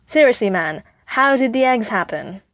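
A woman's voice: fairly high pitch, normal speed, no echo, pitched above the performer's own voice. Woman reading as a sarcastic, exasperated man. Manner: sarcastic, deadpan. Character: exasperated adult man, wry and blunt. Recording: dull lo-fi recording.

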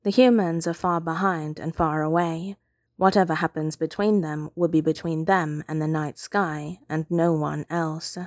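A woman reading fiction aloud as narrator, with calm, steady storytelling. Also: sits low, measured pace, no room sound, studio quality.

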